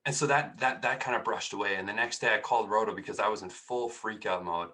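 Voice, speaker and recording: A man's voice: lowish voice, fast talker, pushed and bright. A young man giving a casual, chatty talk, telling a personal story with many restarts. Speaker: speaker.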